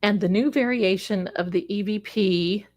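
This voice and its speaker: A woman's voice: medium pitch, moderate pace, a little mellow. Chatty woman psychic hosting a livestream. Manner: chatty, rambling, calls viewers "my darlings". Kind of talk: casual live-stream chat.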